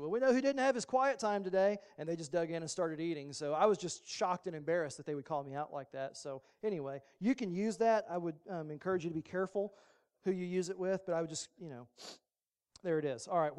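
A male pastor giving a sermon in a relaxed, conversational way, slipping in humorous asides. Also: fairly high pitch, smooth.

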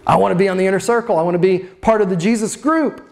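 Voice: mid-range voice, fast, gravelly, a little mellow, natural voice. A preacher voicing an impetuous male disciple who pleads and then eagerly boasts, in a raised voice during a sermon.

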